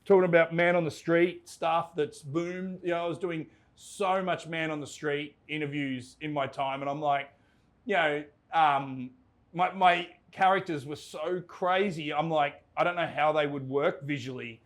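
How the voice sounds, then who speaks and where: Australian man, fairly high voice, animated storyteller, casual chat. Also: unhurried. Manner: animated, laughs while telling anecdotes, restarts sentences. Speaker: guest, entertainment reporter. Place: pub.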